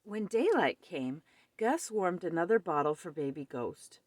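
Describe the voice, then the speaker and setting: Woman reading a kids book out loud, lively up and down voice, lowish, dry close sound. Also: measured pace, dry recording. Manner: expressive storytelling. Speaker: children's book reader. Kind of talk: reading a picture book aloud.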